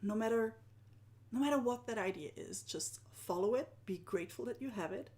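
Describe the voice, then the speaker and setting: A woman, a live-streaming art journaling teacher who often sinks into a soft whisper and laughs at herself. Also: fairly high pitch, lively intonation, moderate pace. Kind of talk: live-stream talk to viewers.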